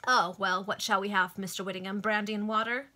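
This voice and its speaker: A woman's voice: medium pitch, steady tone, fairly quick, bright, forceful tone, lightly acted. A woman doing a patronizing pub regular. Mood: hearty. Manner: hearty, patronizing questions. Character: patronizing sociable middle-aged man, pub regular.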